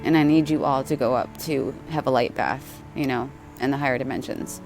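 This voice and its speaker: A woman voicing a calm female spirit guide who speaks softly to reassure. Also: very deep voice, a little fast, over music. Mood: soothing.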